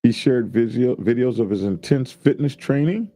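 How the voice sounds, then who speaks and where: A man's voice: medium pitch, normal speed, mellow, no echo. A man casually reading news stories aloud and joking about them with his co-hosts. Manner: reads headlines aloud then riffs jokingly. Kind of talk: casual news commentary chat.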